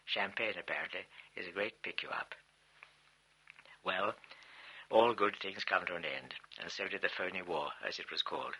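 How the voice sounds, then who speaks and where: A man narrating a first-person memoir as an audiobook, in a measured, reflective storytelling manner. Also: low voice, pushed and bright, slightly rough, poor audio.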